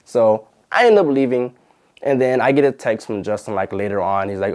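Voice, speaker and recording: Low-voiced man telling a storytime vlog. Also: normal speed, darkish tone. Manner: chatty, retells arguments, many fillers. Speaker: YouTube channel host.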